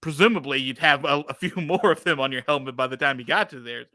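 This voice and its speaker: Male podcast co-host, bright forceful voice, joking and animated, dry close sound. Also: medium pitch, quick pace, no room sound. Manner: animated, joking, laughs often. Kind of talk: casual chat.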